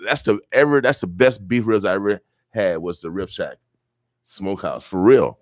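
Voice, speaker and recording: A middle-aged man with a lowish voice hosts a morning radio show from a studio, speaking at a moderate pace into a studio mic with no room sound. He chats casually, rambles, and keeps repeating his catchphrases.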